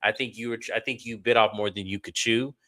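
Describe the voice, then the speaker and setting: Man, co-host, bright forceful voice, opinionated, casual chat. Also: lowish voice, steady tone, quick pace. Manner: frank, opinionated, talks it through. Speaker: show co-host. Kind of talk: casual reality TV recap chat.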